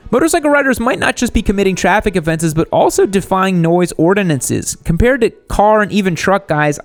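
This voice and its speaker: A man hosting a motorcycle channel, narrating a scripted comedy bit in a deadpan style that jumps into animated outbursts. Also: fairly high pitch, no room sound. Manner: deadpan jokey delivery with sudden animated outbursts.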